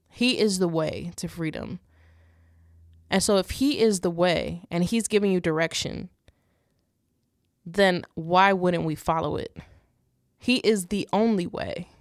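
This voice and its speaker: Young woman doing a faith podcast, earnest, lots of "like" and "right?", smooth voice, dead dry close mic. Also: fairly low pitch, no room sound. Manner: earnest, repeats and restarts, frequent "like" and "right?". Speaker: podcast host. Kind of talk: faith talk podcast, casual.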